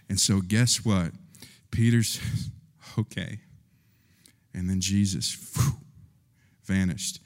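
A man preaching a sermon, telling a story and acting out voices, rising in pitch and force when stirred. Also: fairly even intonation, slow pace, pauses often. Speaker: pastor. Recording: long reverb of a large hall.

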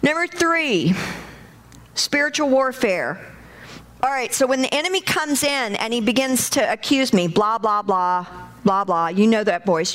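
A middle-aged woman preaching a lively sermon to a congregation, calling out and bursting into shouts. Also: on the high side, unhurried. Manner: animated, shouts in acted bursts, talks to congregation.

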